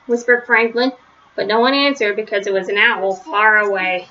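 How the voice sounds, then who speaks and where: A woman reading a children's story aloud, gentle, with small slips and restarts, on a slightly lo-fi recording. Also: mid-range voice, steady tone, moderate pace. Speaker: storybook reader.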